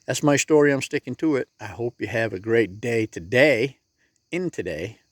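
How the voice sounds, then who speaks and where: A man's voice: medium pitch, animated, normal speed, no echo, clean studio sound. Plain-spoken man giving folksy advice. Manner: plain-spoken and folksy, talks straight to the viewer. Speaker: motivational vlogger. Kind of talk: casual motivational monologue.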